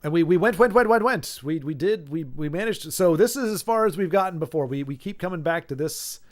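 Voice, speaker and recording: A man's voice: on the high side, animated, fairly quick. A man in his forties chatting casually on a live game stream, often stumbling over his words and restarting sentences as he answers viewers. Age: 40s. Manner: stammering restarts, reads viewer chat aloud. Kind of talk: casual live-stream chat while playing.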